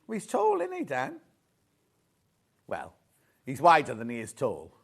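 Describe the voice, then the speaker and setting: A middle-aged man hosts a live sewing shopping show from a TV studio, his medium-pitched voice husky with vocal fry and huge pitch swings at a measured pace. Gushing over fabrics, he ribs the crew in easygoing banter.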